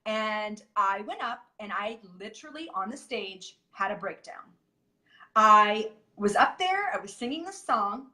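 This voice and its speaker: A woman guest sharing a hard personal story candidly, in halting sentences full of restarts and fillers. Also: medium pitch, expressive, sharp tone.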